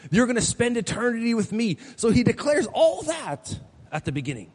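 A man's voice: very high voice, very animated, normal speed, long reverb tail. A male pastor preaching a sermon to his church, emphatic and declarative, pressing his points home. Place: church sanctuary.

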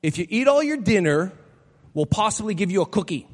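High-voiced man preaching in an echoing hall. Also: big pitch swings, a little fast. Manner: emphatic, declarative preaching with rising intensity. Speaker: pastor. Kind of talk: sermon. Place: church sanctuary.

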